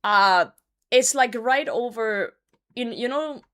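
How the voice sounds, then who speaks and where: A woman streamer telling a story in a casual, animated way, swearing often and laughing as she goes. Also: a little high, slow, clean tone.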